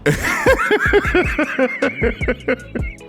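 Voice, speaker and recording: A man hosting his own podcast, talking casually and excitedly, often breaking into laughter and exclaiming. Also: extremely high pitch, drawn-out words, faint music behind. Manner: animated, laughs a lot, exclamatory. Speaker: podcast host. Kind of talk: casual solo commentary.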